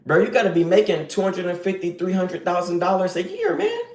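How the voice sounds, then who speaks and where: A man's voice: sits high, very animated, a little fast, darkish tone, reverberant. A man live streaming, giving a casual, slangy lecture in a preachy and emphatic way.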